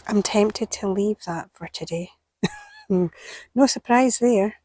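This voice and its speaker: A woman with a British accent hosting a gardening vlog outdoors at an allotment, talking to camera and often dropping to a hushed whisper. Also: mid-range voice, slow pace, slightly rough, no room sound. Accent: British English. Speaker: gardening channel host. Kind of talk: casual vlog talk to camera. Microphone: small clip-on microphone.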